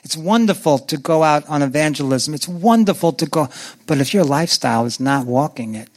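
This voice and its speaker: Male preacher, high-pitched, lively sermon delivery, puts on voices for scripture. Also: fairly quick. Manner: animated, acts out biblical voices with swings in pitch; asks the congregation questions.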